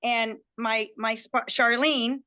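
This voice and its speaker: A woman guest telling a personal story in an excited, chatty way, acting out what others said to her. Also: on the high side, slow, highs cut off. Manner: chatty, excitable, acts out quoted dialogue.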